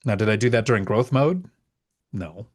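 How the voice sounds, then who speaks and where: Low-voiced man hosting a casual Q&A. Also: lively intonation, moderate pace, husky. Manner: reads viewer questions aloud, then answers frankly with emphatic repetition. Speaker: host. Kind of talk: casual live Q&A chat.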